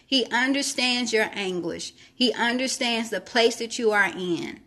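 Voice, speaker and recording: A woman's voice: on the high side, unhurried, sharp tone. A woman preaching a devotional, reading scripture and urging listeners to trust God, with repeated phrases for emphasis. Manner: reads scripture aloud, then comments on it. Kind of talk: sermon-style devotional teaching.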